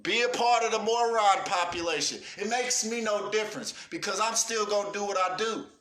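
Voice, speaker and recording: A man's voice: sits high, moderate pace, bright, forceful tone, roomy sound. A man ranting on a livestream with profane urgency, calling out cowards and praising his viewers. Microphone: livestream setup.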